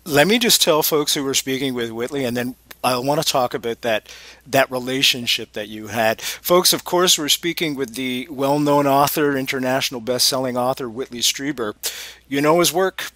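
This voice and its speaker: A man's voice: mid-range voice, moderate pace, sharp tone, no room sound. A man hosting a radio talk show, interviewing a guest in a conversational way. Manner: conversational, plugs the website.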